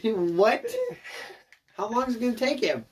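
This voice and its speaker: A young man co-hosting a podcast in relaxed casual chat. He jokes and teases, and often trails off partway through a thought. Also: high voice, measured pace, breathy edge. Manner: joking, playful, trails off mid-thought. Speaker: podcast co-host.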